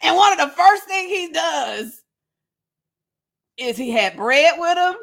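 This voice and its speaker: A woman's voice: extremely high pitch, expressive, slow pace. A woman retelling a Bible story comically, with playful slangy asides and frequent laughs.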